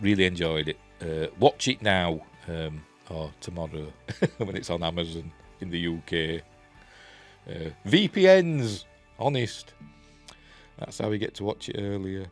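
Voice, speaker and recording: A man with a Yorkshire accent giving a rambling, enthusiastic casual review, full of ums and restarts. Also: fairly low pitch. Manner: rambling, filler-heavy, enthusiastic. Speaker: TV review vlogger.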